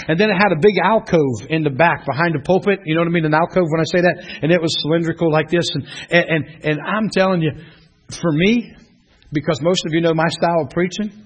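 A middle-aged man, a pastor teaching a class in a church room, telling stories in an animated way and often laughing. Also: sits high, husky. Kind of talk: preaching to a class. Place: church classroom, streamed online.

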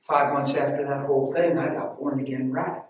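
Guy preaching his testimony, gets loud then goes quiet, far from the mic, a bit of hiss. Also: medium pitch, steady tone, fast talker, highs cut off. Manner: emotional, storytelling, swings between loud and hushed. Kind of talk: sermon. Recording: echoey hall from far off with faint noise.

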